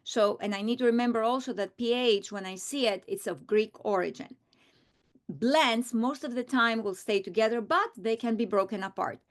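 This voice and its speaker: A middle-aged woman teacher modeling a reading strategy aloud, slow and deliberate, repeating words for emphasis. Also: on the high side.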